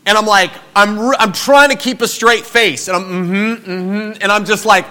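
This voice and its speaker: High, bright-voiced preaching man. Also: steady tone, normal speed. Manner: storytelling, emphatic, swings between soft and loud. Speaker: pastor. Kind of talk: sermon.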